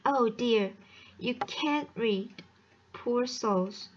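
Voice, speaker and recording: A woman reading the lines of a gentle, dying young girl, slowly and haltingly with restarts. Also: mid-range voice, muffled recording, close to an everyday voice. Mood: tender.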